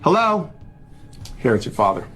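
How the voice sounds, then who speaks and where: A man who works as a family lawyer explains his point, acting out little examples as he goes. His pitch moves in a lively way, and his delivery stays animated and engaged. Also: normal speed, soft background music.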